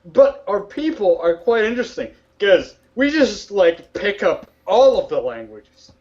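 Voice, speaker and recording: High-voiced man, blunt and lo-fi. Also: very animated, darkish tone. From Latvia. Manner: blunt, swears, fast bursts. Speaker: podcast co-host. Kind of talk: casual chat. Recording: dull lo-fi audio.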